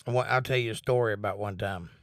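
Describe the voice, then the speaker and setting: A man's voice: lowish voice, fast talker, no echo, clean studio sound. A man hosting a casual livestream from home, talking earnestly about faith and reading out viewers' comments. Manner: relaxed, earnest, talks about faith and reads chat comments. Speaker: livestream host.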